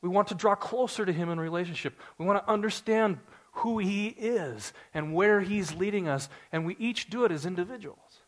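A man in his forties preaching a sermon to his congregation, earnest and story-driven, building to excited emphasis. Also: high voice, normal speed, few pauses. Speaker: pastor.

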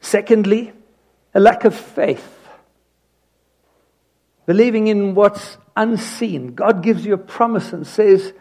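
A man preaching a sermon, telling a personal story with animated emphasis that drops into hushed asides. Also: sits high.

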